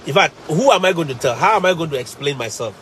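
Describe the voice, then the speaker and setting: Animated and emphatic, a teacher with a Ghanaian English accent tells stories casually to live viewers and repeats phrases for effect. His voice is a little high and his pace quick, with a little hiss or hum in the recording.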